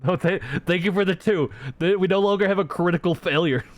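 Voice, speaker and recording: A man's voice: sits high, fairly quick. A young man streaming a tabletop game, chatting casually and ranting with lots of swearing. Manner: animated, profane ranting to chat. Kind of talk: casual livestream chat.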